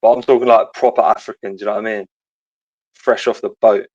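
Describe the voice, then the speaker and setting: Young guy calling in, low voice, rambling slangy chat, swears a lot, dull dry line. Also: fairly even intonation, a little fast, a little mellow, no echo. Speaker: caller. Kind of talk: casual phone-in chat.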